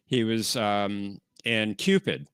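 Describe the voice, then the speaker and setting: Low-voiced man with dry, knowing remarks. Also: fairly even intonation, slow, clear, resonant tone, no room sound. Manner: dry, informative, quietly amused. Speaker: co-host of a show watch-along. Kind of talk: casual live commentary.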